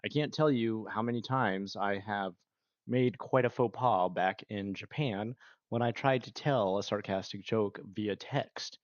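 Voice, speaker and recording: Lowish guy rambling to his stream chat, laughs a lot, dry kinda muffled mic. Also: a little slow, no echo. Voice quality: rambling and chatty, with fillers and frequent laughs. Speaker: livestreamer. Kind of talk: casual livestream chat with viewers.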